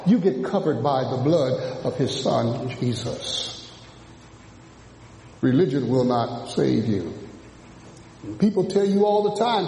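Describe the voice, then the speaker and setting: A man preaching a sermon, dropping low and then rising to shouts as he mimics churchgoers. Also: lively intonation, measured pace, pauses often, slight background noise. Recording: echoey hall from a distance.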